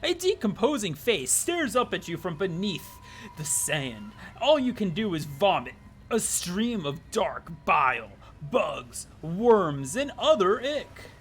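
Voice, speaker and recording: Smug, silky game narrator, teasing and theatrical, high and lively, as a streamer puts him on. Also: male voice, slow, soft background music, heavily acted. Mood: ominous. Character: smug, well-spoken male game narrator. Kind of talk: reading a game narrator aloud.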